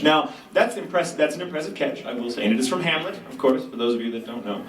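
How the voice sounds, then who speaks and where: A man speaking at a convention Q&A panel, telling stories in an animated, self-mocking way and acting out quotes. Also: medium pitch, quick pace, few pauses, background noise. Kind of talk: storytelling Q&A panel. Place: large convention hall. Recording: echoey convention hall from far off.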